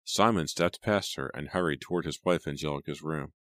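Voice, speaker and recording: A man narrates an audiobook in a steady, measured way. His voice is extremely deep, and the recording is dry and close to the mic. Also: no room sound. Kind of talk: scripted narration.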